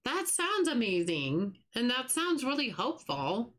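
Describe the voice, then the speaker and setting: A woman's voice: fairly high pitch, very animated, unhurried. Chatty, sympathetic woman streaming a game. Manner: warm, sympathetic, chatty with restarts. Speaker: livestream host. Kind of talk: casual chat while gaming, reading chat.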